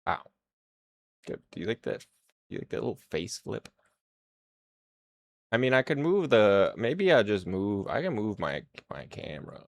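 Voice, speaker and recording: Gravelly-voiced man streaming game dev. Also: fairly low pitch, very animated, normal speed, long pauses, no room sound. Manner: hyped-up, rambling and chatty. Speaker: indie game developer streamer. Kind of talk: casual livestream chat.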